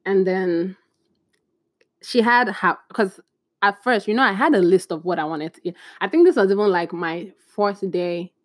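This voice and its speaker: A woman vlogging in a casual, animated storytelling way, chatty and laughing at her own stories. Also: medium pitch, moderate pace, dry recording.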